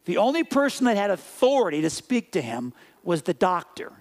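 A man preaching a sermon in an animated way, acting out little scenes and voices before dropping into soft, quiet reflection. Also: high-pitched, moderate pace. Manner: animated, acts out scenes and dialogue. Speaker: pastor.

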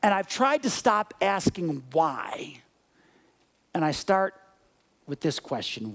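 Preaching at a measured pace, this pastor has a voice set higher than typical for a man. His sermon is animated, with scenes and dialogue acted out, though he drops into gentle, quiet passages for reflection.

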